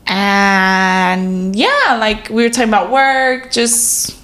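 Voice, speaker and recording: A woman's voice: mid-range voice, takes it slowly, roomy sound. A woman co-hosting a podcast, telling a story in casual chat, swearing a lot and filling her talk with "like". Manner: animated storytelling, swears often, many "like" fillers. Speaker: podcast co-host.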